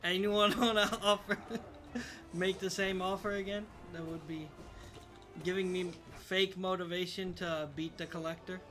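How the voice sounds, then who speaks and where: A man's voice: high voice, flat delivery, moderate pace, bright, forceful tone, faint music behind. A young man streaming a game, casually commenting to his chat, frustrated, swearing and mocking himself. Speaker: gaming streamer.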